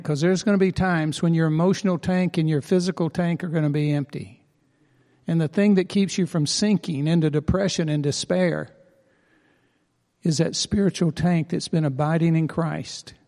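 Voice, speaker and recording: A man's voice: fairly high pitch, darkish tone, big-room sound. A man preaching a sermon as pastor, earnest and emphatic, repeating key phrases for weight.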